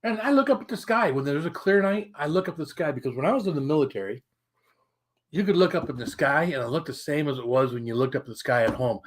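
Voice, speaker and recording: A man's voice: fairly high pitch, animated, quick pace. A middle-aged man hosting a casual live stream, telling a story in a rambling, chatty way, swearing now and then, and breaking off to greet viewers. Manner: colorful swearing. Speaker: livestream host.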